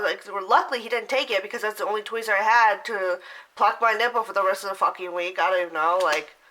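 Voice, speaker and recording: A woman's voice: on the high side, sharp tone, low-quality recording. A young woman vlogger telling a story to camera in a loose, chatty way, full of "like" and casual swearing. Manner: chatty, lots of "like", swears freely.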